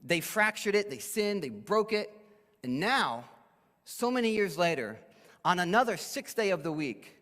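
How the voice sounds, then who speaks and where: A man delivering a sermon with a higher, lively voice that rises for emphasis and sinks to a near hush. It carries the long echo of a church hall. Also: a little slow. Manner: animated, emphatic, drops to quiet for weight. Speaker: pastor. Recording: echoey hall.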